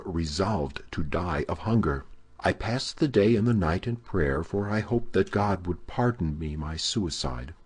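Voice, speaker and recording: A male audiobook narrator with a very deep voice and a husky grain. He reads a classic novel in a measured, dramatic way. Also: a little mellow. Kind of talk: scripted narration.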